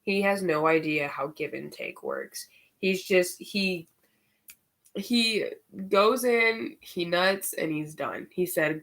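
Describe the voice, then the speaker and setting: Slow-talking, low-voiced woman tarot reader. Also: a bit bright. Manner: chatty and candid, swears and uses slang freely; exclaims and gets worked up over the cards. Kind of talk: casual spiritual tarot reading.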